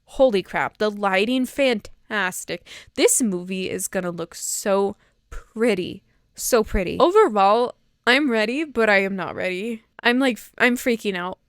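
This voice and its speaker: A woman excitedly gushing through a casual trailer reaction, rambling and piling on filler words. Her voice is smooth and clear, in a middle range. The sound is close and dry, with little room around it. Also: medium pitch, a little slow, no room sound. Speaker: fan video creator.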